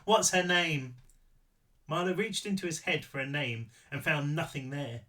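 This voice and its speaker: A man reading his own novel aloud, animated, with big swings in pitch. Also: normal speed. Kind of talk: audiobook-style read-through.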